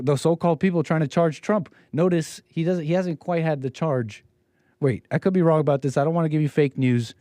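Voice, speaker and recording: A man's voice: fairly high pitch, darkish tone, dry recording, clean studio sound. Rambling sarcastic male stream host. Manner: rambling, sarcastic, restarts often. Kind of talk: casual live-stream commentary.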